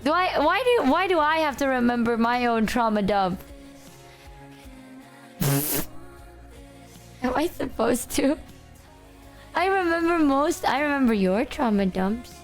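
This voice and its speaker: A woman's voice: high-pitched, expressive, a little slow, pauses often, soft background music. A woman streaming, chatting casually in a breezy, matter-of-fact way with frequent giggles. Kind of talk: casual chat.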